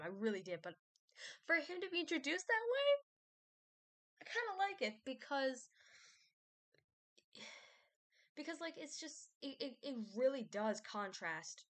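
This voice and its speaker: A woman's voice: medium pitch, a bit bright. A woman vlogger rambling casually, with many fillers, restarts and self-doubt.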